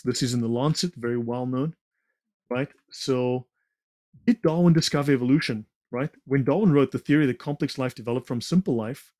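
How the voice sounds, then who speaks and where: A man's voice: medium pitch, warm tone, dry recording, clean studio sound. A man presenting slides in a conversation, talking in a digressive, lecture-like way with sarcastic asides. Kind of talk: lecture-style talk in a conversation.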